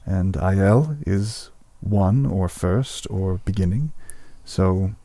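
A man's voice: low-pitched, takes it slowly, mellow, no room sound. A man voicing a possessed elf woman who is politely formal and slightly condescending.

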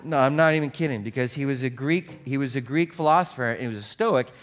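A man's voice: mid-range voice, fast talker. A male pastor preaching a casual, joking sermon, telling stories in a conversational way.

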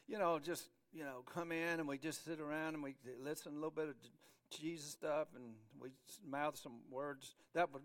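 A middle-aged male pastor with a fairly high voice delivers a lively sermon. He throws himself into quoted voices, stumbling over restarts and repeating words as he goes. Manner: animated, acts out quoted voices with many restarts.

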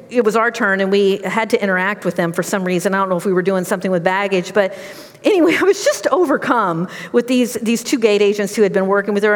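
A middle-aged woman giving a sermon, telling personal stories in a conversational, animated way. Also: mid-range voice, in a large hall. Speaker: preacher.

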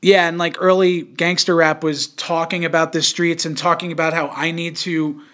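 A young man talks loosely on a casual podcast, his voice sitting a little high for a man. He rambles and restarts, with plenty of fillers and casual swearing. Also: level tone, moderate pace, fairly bright tone. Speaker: podcast host.

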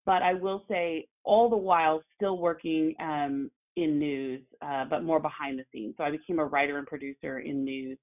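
A woman, an actress and journalist, telling her story as a guest in a casual conversation, animated and full of fillers. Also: deep voice, normal speed, hardly any pauses. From Oklahoma. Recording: phone-like narrow sound.

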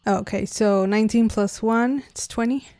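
A woman's voice: on the high side, steady tone, normal speed, dark tone, no echo. A woman player chatting casually at a tabletop game in an easygoing, thinking-aloud manner.

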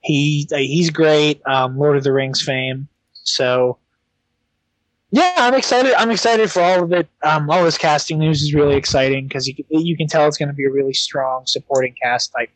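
A man's voice: a little high, moderate pace, no room sound, low-quality recording. A young man co-hosting a podcast, talking casually and hesitantly with many ums and restarts. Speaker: podcast co-host. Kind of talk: casual chat.

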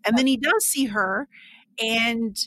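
A woman in casual podcast chat, telling a story with lots of animation and snapping into characters' lines. Her voice sits fairly high and bright. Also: slight background noise, rough recording. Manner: animated, acts out characters' lines in quick bursts. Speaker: podcast co-host. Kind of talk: casual chat recapping a book and movie.

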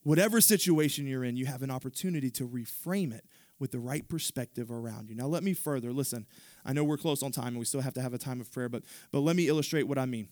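A man's voice: medium pitch, fast talker, darkish tone, no room sound, clean studio sound. A man pastor preaching a sermon in a conversational manner, with asides to the congregation.

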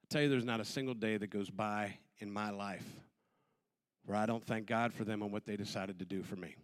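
In a lowish voice and at a brisk pace, a man in his forties recounts his personal testimony. He's a lively storyteller who imitates the voices of the people involved.

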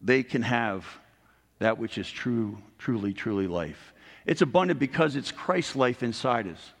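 A man's voice: medium pitch, lively intonation, unhurried, creaky. Earnest middle-aged male preacher, echoing hall. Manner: earnest preaching, rising emphasis on key points. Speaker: pastor. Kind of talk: sermon. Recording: long hall reverb.

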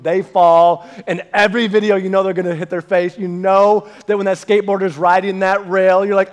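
A male pastor preaching a sermon to a live congregation, telling stories in a lively way and talking straight to the people in the room. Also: high voice. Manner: animated storyteller, addresses the congregation directly. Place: church meeting room with a live audience.

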